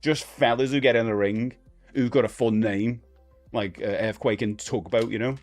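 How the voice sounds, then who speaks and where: A man's voice: medium pitch, fairly even intonation, moderate pace, a little mellow, soft background music. A man in his forties with a Cockney London accent, hosting a live stream in a casual, rambling chat with lots of fillers and restarts. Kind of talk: casual chat, reading viewer comments.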